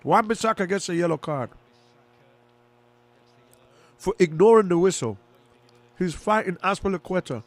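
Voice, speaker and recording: A man giving casual live football commentary and reaction as a fan, chatty and excitable, rooting for one side. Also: sits high, normal speed, long pauses, dry recording.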